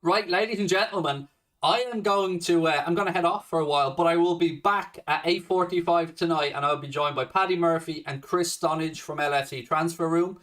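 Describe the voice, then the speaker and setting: A man's voice: on the high side, brisk, fairly bright tone, distant mic. Swearing man ranting on a livestream. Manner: swears a lot, confrontational rant at a commenter. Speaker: livestream host. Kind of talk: casual fan livestream chat.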